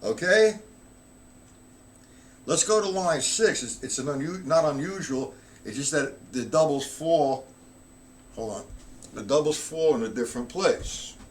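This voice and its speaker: A middle-aged man teaching a live-streamed drum lesson, counting rhythms aloud loud and slow between explanations. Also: a little high, animated, a little hiss or hum.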